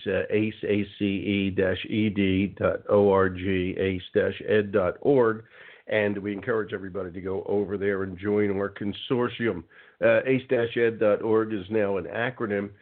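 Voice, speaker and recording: A man hosting a casual radio talk show, chatty and rambling, spelling out web addresses slowly. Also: fairly low pitch. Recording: phone-like narrow band.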